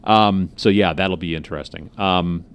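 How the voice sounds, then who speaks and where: A man's voice: deep voice, steady tone, normal speed, smooth. A man co-hosting a podcast from an office, chatting casually and rambling with lots of fillers and restarts. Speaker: podcast co-host. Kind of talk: casual chat.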